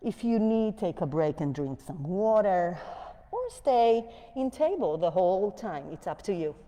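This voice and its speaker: In a slow, mellow, mid-range voice with lively intonation, a yoga instructor with a non-native English accent gently talks her class through each pose and keeps reminding them to breathe. She wears a mic that picks up the long echo of the studio hall.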